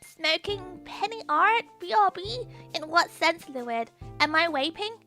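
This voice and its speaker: A woman streaming as a VTuber, chatting casually in an excitable, ranting way with lots of giggling. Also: very high-pitched, measured pace, faint music behind.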